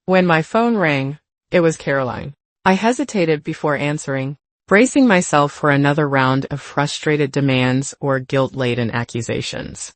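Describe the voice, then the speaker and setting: An older woman narrating a first-person story in a measured, reflective way. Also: deep voice, no room sound.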